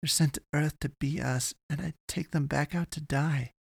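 Guy doing a scared young woman explorer, storybook, talks urgent n panicky, kinda higher. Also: steady tone, moderate pace, gravelly, a little mellow, husky, no echo, clean studio sound. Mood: panicked. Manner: urgent, panicked, then murmuring.

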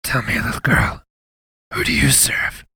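A man voicing a fat, wheezing older priest who talks slowly and mockingly. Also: sharp tone, no echo. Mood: smug mocking. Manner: slow, smug, mocking.

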